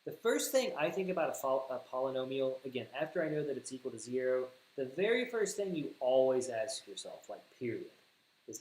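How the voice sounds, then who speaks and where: Southern man teaching algebra, lively pitch. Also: brisk. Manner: thinks aloud, corrects himself, repeats words for emphasis. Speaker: math teacher. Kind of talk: livestream algebra lesson. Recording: echoey room with faint hiss.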